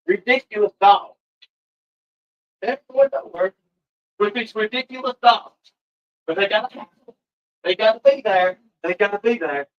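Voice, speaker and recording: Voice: mid-range voice, rough recording. A livestreamer, talking casually and profanely while scolding pets. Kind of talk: casual live-stream chat.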